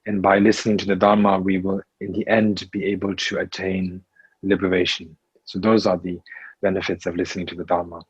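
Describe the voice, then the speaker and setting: Slow, halting man teaching Buddhism. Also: low voice, flat delivery, breathy edge, no room sound, lo-fi sound. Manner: slow, halting, with many fillers and restarts. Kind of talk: Dharma teaching in English.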